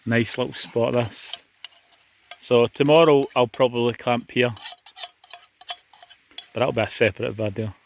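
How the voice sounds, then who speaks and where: Wild camping outdoors on a beach, a man from Scotland talks to his viewers in a chatty vlog, addressing them as guys. His voice is mid-range and steady, a little slow, with vocal fry and frequent pauses; a little hiss or hum is audible.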